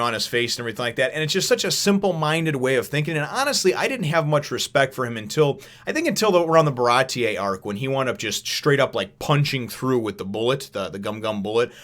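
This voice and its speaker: Excitable rambling man in his thirties. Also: mid-range voice. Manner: enthusiastic and rambling, with many restarts, acting out quotes. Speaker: host of a comic review channel. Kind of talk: casual chat review.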